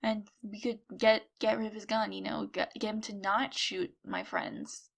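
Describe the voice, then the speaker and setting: A woman's voice: mid-range voice, level tone, normal speed, gravelly. A woman playing in a tabletop game, chatty and playful, teasing herself as she talks. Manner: playful, chatty, self-mocking. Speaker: player. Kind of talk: tabletop game play, casual chat.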